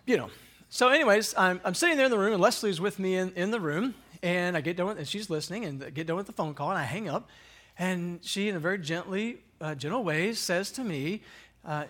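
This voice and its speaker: Guy in his 30s rambling through a personal story, lots of you know and like, kinda higher voice. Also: bright, forceful tone. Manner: conversational, rambling, frequent fillers and restarts; self-deprecating, chuckles at himself. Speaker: speaker sharing a personal story. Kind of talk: casual devotional storytelling.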